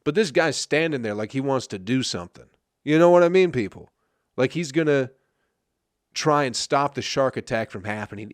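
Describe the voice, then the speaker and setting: A man's voice: mid-range voice, no echo, clean studio sound. A man from Flint, Michigan, hosting his comedy podcast, ranting and swearing constantly and often asking "you know what I mean, people?". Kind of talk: profane ranting monologue.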